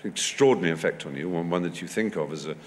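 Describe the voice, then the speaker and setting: A man from England telling anecdotes on a festival stage, fluent and animated, acting out the voices he quotes. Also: low voice, fast talker, long reverb tail, a little hiss or hum. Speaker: festival guest. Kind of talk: onstage conversation, anecdotal storytelling. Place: festival stage in a large hall or tent.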